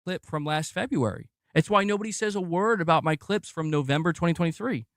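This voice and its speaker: A man's voice: a little high, expressive, brisk, dry recording, studio quality. A man ranting heatedly and defensively, swearing often and mocking his critics. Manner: agitated, profane, mocks critics in put-on voices.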